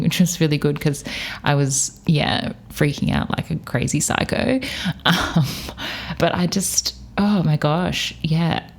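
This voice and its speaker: A woman's voice: low-pitched, measured pace, a little mellow. A young Australian woman from Perth, hosting a podcast and casually telling stories, laughing often. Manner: chatty, laughing, acts out scared voices. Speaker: podcast host. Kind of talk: casual storytelling.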